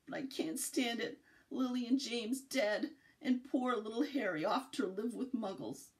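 A woman reading aloud, voicing a huge shaggy soft-hearted male giant in a tearful, sobbing manner. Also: a little high, measured pace.

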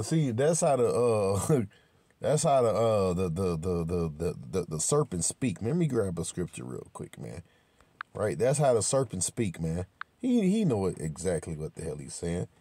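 A man's voice: fairly low pitch, big pitch swings, warm tone, slightly rough. Emphatic man preaching with repeated restarts. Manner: repetitive, emphatic, profane, many restarts; slows down to read verses aloud. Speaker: religious commentator. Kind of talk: informal scripture commentary.

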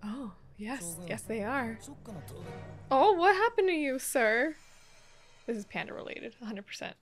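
A woman hosting an anime reaction video, chatting casually and breaking into gasps, laughs and loud exclamations. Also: fairly high pitch, measured pace, faint music behind. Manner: excitable, gasping, laughing and exclaiming often. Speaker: anime reaction channel host.

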